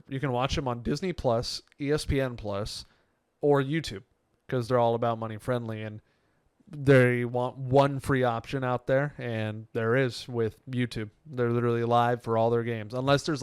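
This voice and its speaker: Man, podcast co-host, laughing storyteller, smooth clear voice, dry close mic. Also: mid-range voice, fairly even intonation, moderate pace, no room sound. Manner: laughing storyteller, acts out quotes. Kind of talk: casual chat.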